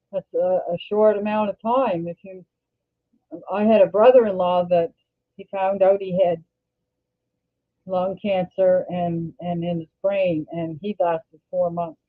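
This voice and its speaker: An older woman from Canada chats on her livestream in a slow, meandering way, backing up and starting her sentences over. Her voice comes through thin and tinny, like over a phone line. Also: fairly low pitch. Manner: rambling, halting, self-correcting. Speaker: livestream host. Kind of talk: casual livestream chat.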